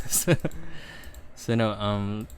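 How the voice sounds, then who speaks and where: A man's voice: on the low side, level tone, very slow, slight background noise. A man co-hosting a casual podcast chat, giggling often and stumbling over restarts. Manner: giggly, stammering with many restarts. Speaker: podcast co-host.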